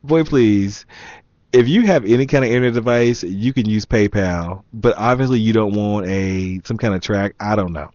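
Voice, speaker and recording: An amused man recounts a story to his viewers in a relaxed, casual way, laughing now and then and reading messages aloud with wry emphasis. His voice sits low, and the sound is dry and a bit dull, like a lo-fi home recording. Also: moderate pace, no echo. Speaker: vlogger.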